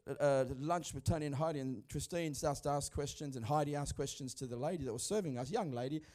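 Middle-aged pastor, high voice, emphatic and chatty from the pulpit. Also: male voice, quick pace, a little mellow. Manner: emphatic, conversational preaching. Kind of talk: sermon.

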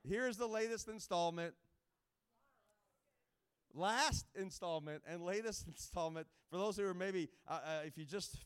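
A man's voice: on the high side, clear, resonant tone. A man speaking as a guest evangelist, giving a jokey, rambling informal sermon to a camp with many restarts.

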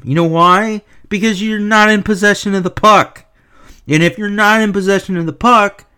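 A man giving a heated, profane rant as a hockey video reviewer, swinging between low mutters and loud sarcastic outbursts. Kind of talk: ranting commentary.

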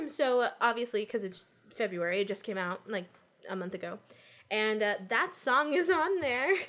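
Enthusiastic young woman, lively higher voice. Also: normal speed. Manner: enthusiastic, laughs often, trails off softly. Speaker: podcast co-host. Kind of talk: casual chat about game trailers.

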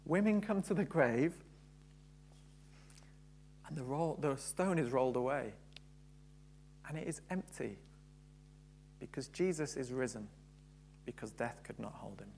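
A man's voice: medium pitch, lively intonation, a little slow, vocal fry, pauses often, a little mellow, slight background noise. A man preaching a sermon, building to fervent emphasis and repeating key phrases.

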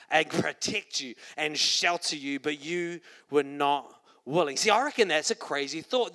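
A middle-aged man with a New Zealand accent delivers a sermon in a church hall. His voice sits high and bright. He talks conversationally, then breaks into loud, emphatic quotations. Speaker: preacher.

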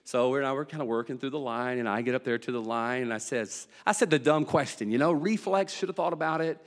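A man preaching a sermon. He tells stories in a folksy, humorous way and swings between loud, excited telling and low, hushed emphasis. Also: fast. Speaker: pastor. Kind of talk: sermon with storytelling. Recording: long hall reverb.

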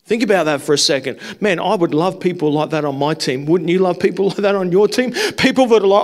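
High-voiced man preaching with fervor. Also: lively intonation, quick pace, few pauses. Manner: impassioned, repetitive rhetorical questions. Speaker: pastor. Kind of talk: sermon. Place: church hall with congregation.

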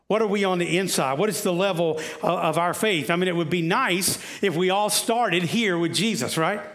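A male preacher with a high-pitched voice delivers a conversational sermon. He keeps turning to the congregation with questions, and his talk is sprinkled with "uh"s and restarts. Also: normal speed, few pauses, fairly bright tone.

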